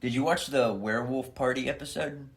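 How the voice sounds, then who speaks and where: A man's voice: medium pitch, fairly quick. A young adult man co-hosting a casual comedic podcast, retelling an episode with acted-out quotes and plenty of swearing. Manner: animated storyteller, acts out quotes, swears a lot. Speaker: podcast co-host.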